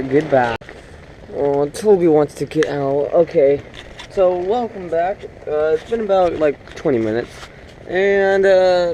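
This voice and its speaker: Slow rambling young-sounding man in a tent. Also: fairly high pitch, warm tone, slight background noise, poor audio. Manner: rambling and chatty, full of fillers, talking to his dog. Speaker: vlogger. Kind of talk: casual self-filmed vlog. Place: small tent outdoors in heavy rain. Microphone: camera on a tripod. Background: rain.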